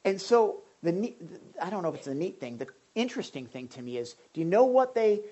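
Woman preacher, low husky voice, lively pitch, chatty sermon full of questions to the room. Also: fairly quick, muffled recording. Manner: asks the audience questions, frequent restarts. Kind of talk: conversational sermon.

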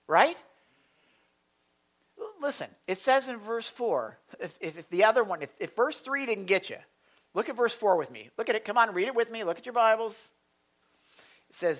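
A church pastor preaches into a stage microphone in the sanctuary, his high voice unhurried and broken by long pauses. He's animated, moving between quiet asides and loud, forceful delivery.

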